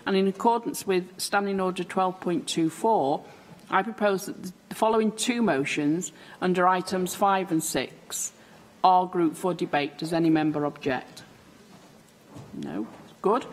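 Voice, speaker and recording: A woman presiding over proceedings, calling items and motions in a brisk, procedural manner. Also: fairly low pitch. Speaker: presiding officer. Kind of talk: formal chairing of proceedings. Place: debating chamber. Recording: reverberant chamber, faint clicks.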